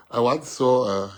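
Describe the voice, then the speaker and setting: A man with a South African accent giving a rousing, joking political speech and switching languages. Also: medium pitch.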